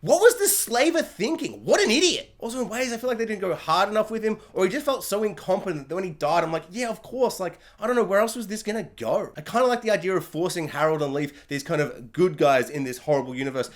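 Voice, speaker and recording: Male TV reviewer with a high voice. Casual, rambling and sarcastic. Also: fast talker, few pauses. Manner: rambling and sarcastic, slips into silly mock voices.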